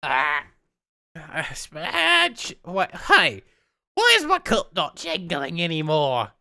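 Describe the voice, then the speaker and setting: A man's voice: fairly high pitch, wildly swooping pitch, slow, vocal fry, bright, forceful tone, smooth, pitched above the performer's own voice, full character voice. A man voicing a desperate old male street beggar in his sixties who wails and pleads for change. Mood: confused. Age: 60s.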